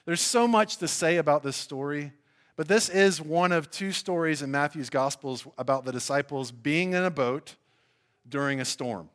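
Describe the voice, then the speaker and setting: Man, pastor, sermon, somewhat high voice, chatty with restarts. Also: moderate pace, fairly bright tone. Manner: conversational preaching with fillers and restarts. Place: church.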